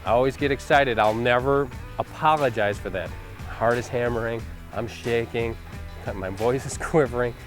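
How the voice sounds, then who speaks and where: A male hunting-show host talks through the hunt in a mid-range voice, loose and conversational, with plenty of fillers. He sounds enthusiastic about the animals and the land, and soft music runs beneath him. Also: medium pitch, normal speed. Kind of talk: reflective interview-style commentary.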